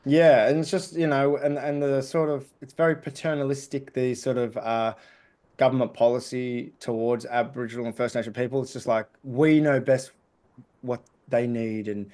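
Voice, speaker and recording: A man with an Australian accent, a comedian guest chatting casually on a podcast as an animated storyteller full of fillers. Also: medium pitch, moderate pace.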